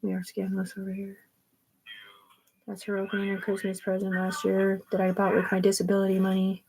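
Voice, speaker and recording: A woman's voice: mid-range voice, completely flat delivery, brisk, background noise. A middle-aged woman rambling through family photos in a profane, meandering monologue. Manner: rambling and profane, jumping between topics.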